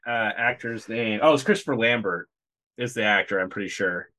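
A man co-hosting a podcast, talking through a film in a rambling, animated way with lots of fillers. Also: lowish voice, a little fast. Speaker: podcast co-host. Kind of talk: casual movie review chat.

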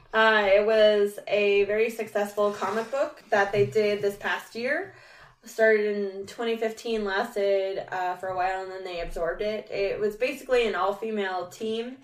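A woman hosting a casual podcast chat, talking with enthusiasm. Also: mid-range voice. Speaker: podcast host. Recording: roomy, far from the mic.

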